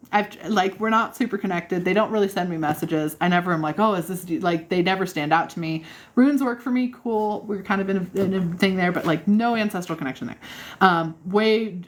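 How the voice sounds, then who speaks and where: A woman hosting a casual livestream, answering viewer questions in a bubbly, encouraging way and laughing often. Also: on the low side. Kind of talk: casual live chat.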